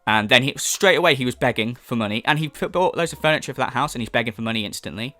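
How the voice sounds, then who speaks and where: A man's voice: mid-range voice, animated, fast, pushed and bright, dry recording, soft background music. A man hosting a commentary vlog, ranting in an exasperated, profane way with frequent repetition. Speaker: commentary channel host.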